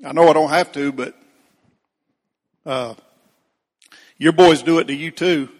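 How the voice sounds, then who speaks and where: Preacher with ringing church reverb. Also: male voice, fairly high pitch, a little slow. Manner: folksy, addresses congregation members by name. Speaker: Baptist pastor. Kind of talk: storytelling sermon.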